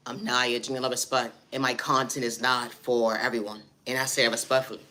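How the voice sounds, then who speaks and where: A man's voice: mid-range voice, level tone, brisk, pushed and bright. A man delivering spoken-word poetry on a vlog, circling back on refrains like "at the end of the day" and "I say that respectfully.". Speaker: vlogger.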